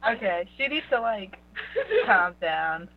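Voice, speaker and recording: A woman's voice: medium pitch, lively intonation, slow pace, dull audio, over a noisy crowd. A woman in a casual group chat, teasing the others and laughing.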